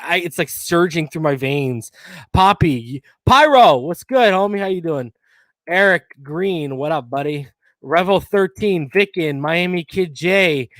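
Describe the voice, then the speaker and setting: A man hosting a live football stream, chatting casually and excitedly and shouting out viewers by name. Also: a little high, no room sound.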